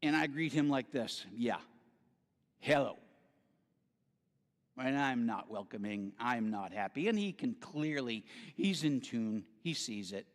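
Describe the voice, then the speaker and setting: A man giving a storytelling sermon as a guest speaker at a spiritual center, theatrical and animated. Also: mid-range voice, moderate pace. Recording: reverberant hall.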